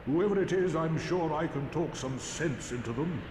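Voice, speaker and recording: An actor playing a jolly, polite armored knight who talks in courteous old-fashioned phrases, heard through game audio. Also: male voice, on the high side, animated, moderate pace, close to an everyday voice. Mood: genial. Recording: echoey game audio with noise.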